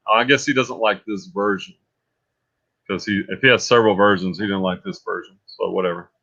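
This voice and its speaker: A man's voice: lowish voice, a little fast, creaky. Chatty man hosting a muffled live stream. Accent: Texan. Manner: animated, reads reviews aloud in a put-on voice. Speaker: host. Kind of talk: casual live-stream chat.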